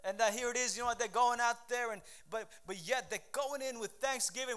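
A middle-aged pastor preaching a sermon in a fervent, conversational way, with frequent restarts. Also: male voice, very high-pitched, brisk, hardly any pauses, a bit bright, smooth.

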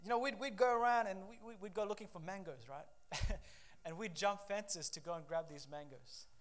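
High-voiced animated male preacher. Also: moderate pace. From Papua New Guinea. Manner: animated storytelling with shifting loudness, acts out voices. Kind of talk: sermon.

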